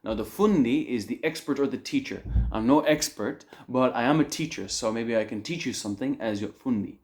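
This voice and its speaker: Lively male English teacher. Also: mid-range voice, brisk. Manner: lively, acts out example phrases with chuckles. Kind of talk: online English lesson on slang.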